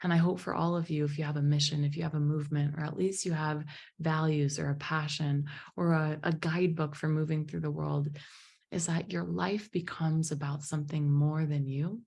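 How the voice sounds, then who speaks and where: A woman giving a motivational talk to a group at an evening presentation, telling a personal story in an emotive, animated way. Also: low-pitched, normal speed, creaky. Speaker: motivational speaker and business founder.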